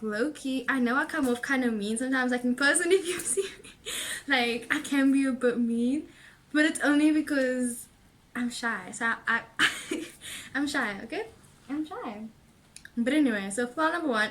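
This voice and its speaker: A young woman with a slightly high voice rambles through a casual tarot reading. She is a little out of breath, and her chatty talk is full of fillers and small giggles. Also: moderate pace, fairly bright tone. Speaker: tarot reader and vlogger.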